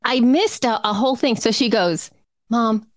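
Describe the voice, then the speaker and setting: A woman's voice: on the high side, expressive, moderate pace, dry recording, studio quality. A woman in her thirties, co-hosting a casual chat, telling a story with many fillers and restarts. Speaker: podcast co-host.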